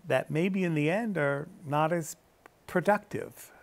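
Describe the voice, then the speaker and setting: A man's voice: on the high side, a little slow. A man hosting a studio interview show. He talks in meandering sentences full of "you know" and "um". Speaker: TV show host.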